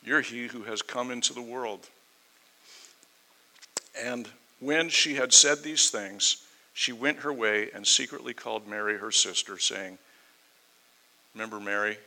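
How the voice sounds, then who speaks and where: A man preaching a sermon, reading scripture aloud and then explaining it in a conversational way, swinging between loud emphasis and quiet asides. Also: medium pitch, measured pace, pauses often, low-quality recording. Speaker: pastor. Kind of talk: sermon, verse-by-verse Bible teaching.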